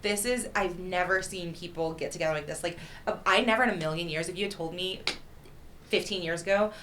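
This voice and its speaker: A woman with a lowish voice chats as a podcast guest, telling animated stories and swearing freely. Her delivery is candid and energetic. A faint hiss of noise sits behind her. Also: fairly quick. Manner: candid, profane, animated storytelling. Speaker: county party chair, guest. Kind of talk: casual conversational interview.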